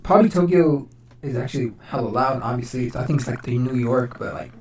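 A man with a deep, raspy voice chatting casually on a podcast, laid-back and swearing a lot. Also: quick pace, darkish tone. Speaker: podcast guest. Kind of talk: casual chat.

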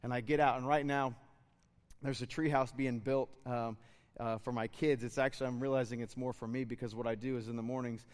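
A man in his thirties giving a sermon as a pastor, relaxed and storytelling, then rising to fervent exhortation. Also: medium pitch, fairly quick, big-room sound. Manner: conversational, building to fervent exhortation.

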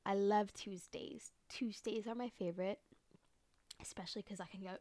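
A young woman hosting a solo podcast in casual chat, rambling with many fillers and swearing freely, sometimes dropping to a soft whisper close to the microphone. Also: medium pitch, steady tone, a little fast, dry recording. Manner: drops to soft whispers at times. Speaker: podcast host.

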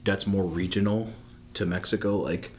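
Deep-voiced laid-back podcast co-host. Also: male voice, moderate pace, slight background noise. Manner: relaxed, rambling, lots of "like" fillers. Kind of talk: casual chat.

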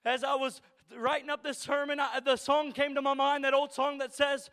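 A man preaching a sermon in a church, building to shouted emphasis with a repeating cadence, at times choked up with emotion. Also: extremely high pitch, little pitch movement, normal speed, big-room sound. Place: church sanctuary.

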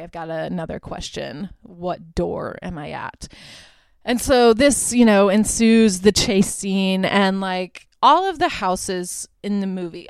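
A woman's voice: medium pitch, clean tone, dry recording. A young woman hosting a podcast, casually retelling movie scenes with lots of fillers and the odd swear word. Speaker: podcast host. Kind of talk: casual movie review chat.

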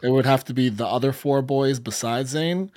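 A man's voice: medium pitch, moderate pace, a little mellow. A man with a plain mid-range voice talks through a story on a podcast. He rambles, restarts his sentences, and keeps the tone casual. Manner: rambling explainer, many restarts. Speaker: podcast co-host. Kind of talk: casual chat.

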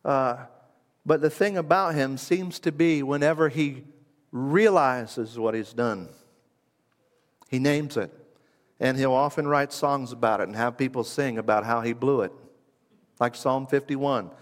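A man preaching a sermon with emphasis, building through repeated phrases and pausing on purpose. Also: medium pitch. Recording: long hall reverb.

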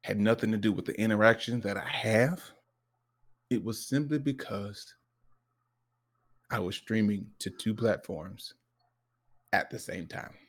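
A man co-hosting a podcast, telling a story in casual chat, restarting often and acting out what people said with sudden jumps in pitch. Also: a little slow, long pauses. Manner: animated storyteller, acts out quoted lines with jumps in pitch; frequent restarts and repeated words. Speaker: podcast co-host.

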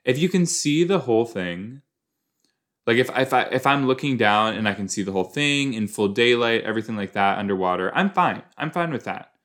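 A man's voice: medium pitch, animated, brisk, a bit bright. A man hosting a podcast, rambling playfully and reacting casually to an episode as he watches, with silly made-up words. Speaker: podcast host.

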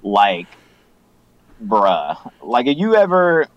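A young male podcast co-host banters casually in slang, now and then dropping in an oddly formal phrase. His voice is on the low side and slow, with no echo and the highs cut off.

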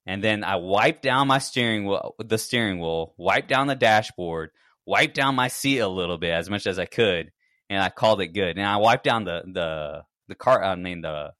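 A podcast co-host tells a long story in casual chat, acting out his own reactions. His low, fairly bright voice has lively intonation at a normal speed, captured as clean studio sound with no echo.

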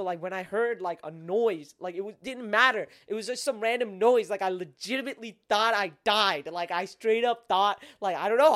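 A man's voice: sits high, a bit bright. A man co-hosting a podcast in casual chat, rambling and slangy, full of "like" and "bro". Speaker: podcast co-host.

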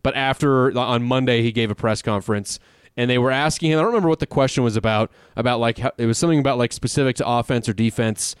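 Male co-host, mid pitch, smooth resonant voice, dry studio sound, lively profane banter. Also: fast talker, no room sound. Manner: animated, profane, laughs often. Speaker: podcast co-host. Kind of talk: casual sports betting chat.

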